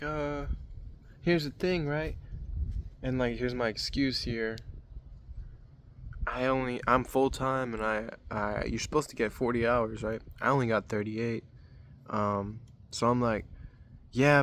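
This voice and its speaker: Young man, casual rant, mid-pitched, frustrated, cussing, faint background hiss. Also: a bit bright. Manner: rambling, frustrated, swears often. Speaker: vlogger.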